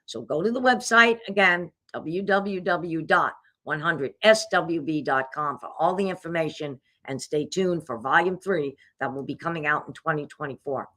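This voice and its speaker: A woman's voice: deep voice, bright, forceful tone. A woman hosting a live-streamed show over a video call, upbeat and promotional. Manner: upbeat, promotional, spells out web addresses slowly. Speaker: host and pageant CEO.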